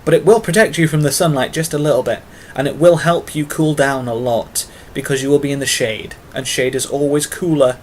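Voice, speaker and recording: A man's voice: medium pitch, steady tone, fairly quick, few pauses, a little mellow, slight background noise. Rambling British man vlogging. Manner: rambling and long-winded, with many fillers; self-mocking asides. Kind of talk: casual tag-video monologue.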